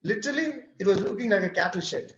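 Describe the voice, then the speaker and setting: A man's voice: sits high, fast talker. A man from India with an Indian English accent, speaking at a workshop and telling stories animatedly while acting out the dialogue. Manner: animated storyteller who acts out dialogue. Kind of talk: storytelling talk. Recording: roomy, dull-sounding recording.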